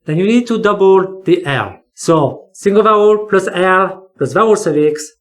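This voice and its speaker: An English teacher explaining spelling rules, talking slowly and deliberately and repeating key words for emphasis. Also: mid-range voice, animated.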